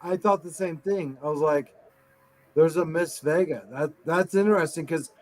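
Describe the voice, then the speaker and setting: High-voiced man, teasing and insistent. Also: moderate pace, darkish tone. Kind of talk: casual live-stream chat.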